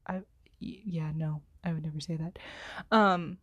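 A woman's voice: sits low, steady tone, fairly bright tone, dull audio. Apologetic young woman rambling with fillers. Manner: self-deprecating, apologetic, heavy filler words; speaks slowly, pauses to find words. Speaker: solo podcaster. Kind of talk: rambling solo chat. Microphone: headphone microphone.

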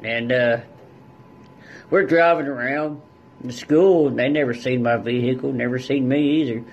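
A man's voice: mid-range voice, fairly even intonation, normal speed, darkish tone, lo-fi sound. A man guest on a podcast telling a story in a casual, blunt way, with heavy swearing and rural turns of phrase. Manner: blunt and heavily profane, rural dialect.

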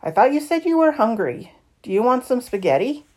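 A woman reading the lines of a patient, gentle father who keeps asking questions to understand his child. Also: very high voice, big pitch swings, brisk, voice pushed up, full character voice. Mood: puzzled.

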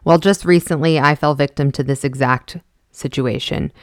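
A woman's voice: low voice, normal speed, no room sound, studio quality. A woman hosting a podcast, talking casually and frankly, venting with exasperation and the odd swear word. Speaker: podcast host.

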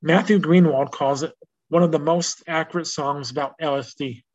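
Guy doing a chill solo music podcast, bit higher voice, reads notes then rambles and corrects himself, muffled lo-fi sound. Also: fairly even intonation, normal speed, a little mellow. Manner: rambling, with restarts and self-corrections; reads out notes in a plain informational way. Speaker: podcast host. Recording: dull lo-fi recording.

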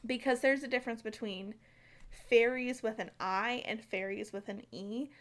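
A woman's voice: fairly high pitch, normal speed, a bit bright. An American woman co-hosting a podcast, chatting casually about folklore with lots of fillers and some stumbling. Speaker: podcast co-host.

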